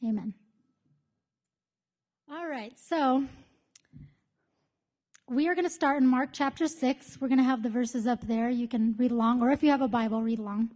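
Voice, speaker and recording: A woman's voice: high-pitched, normal speed. A woman in her thirties leading a Bible study, chatty and candid, telling stories as she teaches. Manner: chatty, candid, lively storyteller. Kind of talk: casual teaching with storytelling. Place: church meeting room with group.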